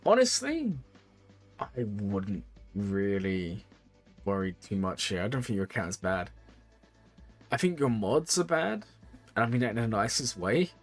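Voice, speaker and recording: A man streaming live, giving casual, rambling game advice to viewers, a bit tired. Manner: chatty, rambling, repeats phrases, lively pitch. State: tired, yawning. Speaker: streamer reviewing game accounts.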